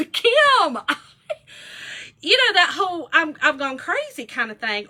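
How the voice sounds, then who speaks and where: A woman's voice: sits high, bright, forceful tone, slight background noise. A woman, telling a funny story in a casual vlog chat, laughing often and saying "y'all" a lot. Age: 40s. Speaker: vlogger.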